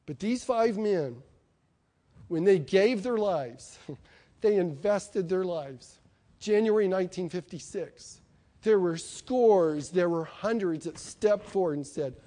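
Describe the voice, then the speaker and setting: Higher-voiced man preaching a sermon. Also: warm tone. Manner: emphatic, conversational preaching with rhetorical questions.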